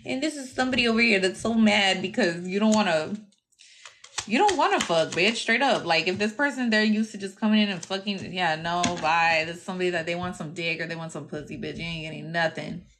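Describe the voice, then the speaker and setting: A woman's voice: lowish voice, brisk, fairly bright tone, slight background noise. A young adult woman giving a casual tarot reading to her viewers, brash, profane and teasing, often breaking into laughter. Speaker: tarot reader.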